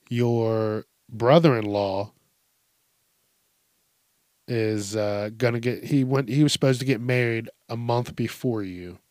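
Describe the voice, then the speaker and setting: A young man drawls through a casual commentary, cursing freely and breaking into laughter. His delivery is slow and unhurried, and his voice sounds dry and close to the mic, with no room echo. He vents in playful mock outrage. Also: mid-range voice. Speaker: story commentator. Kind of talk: casual commentary on reader stories.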